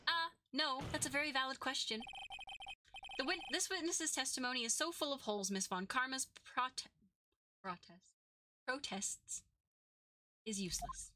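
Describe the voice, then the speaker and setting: A woman's voice: high-pitched, moderate pace, pauses often, bright, forceful tone. A woman reading an earnest young defense lawyer. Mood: pressing. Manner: methodical, pressing.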